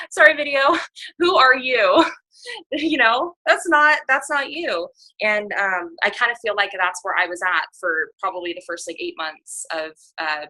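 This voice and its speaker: A young woman chatting on a team call in a bright, forceful voice set fairly low. She talks candidly and sarcastically, full of fillers and quick laughs. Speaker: fitness coach. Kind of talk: casual chat on a team call.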